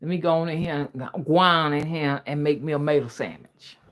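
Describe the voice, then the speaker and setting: A woman's voice: sits low, a little fast, natural voice. A woman putting on her old Southern father's Geechee speech, bossy and fussy as he hurries a girl along. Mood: fussing. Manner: scolding, hurrying someone along.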